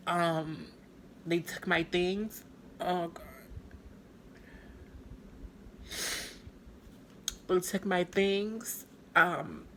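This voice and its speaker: A woman telling a personal story to camera in a rambling, halting way, full of fillers. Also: on the low side, fairly bright tone, a little hiss or hum. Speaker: storytime vlogger.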